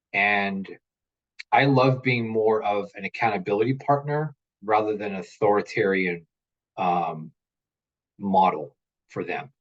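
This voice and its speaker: Earnest father, dull video-call sound. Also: on the low side. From United States. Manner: earnest, animated storytelling with repeated words. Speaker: interview guest, parent. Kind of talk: casual interview chat.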